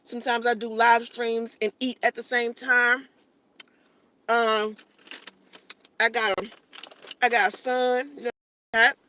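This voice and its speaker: A young woman talks casually into a phone camera from her parked car, chatty and joking between bites of food. Her voice is fairly high and very bright, with a crisp edge. She talks with her mouth full now and then. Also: little pitch movement, takes it slowly, long pauses. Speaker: vlogger. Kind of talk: casual vlog talk while eating.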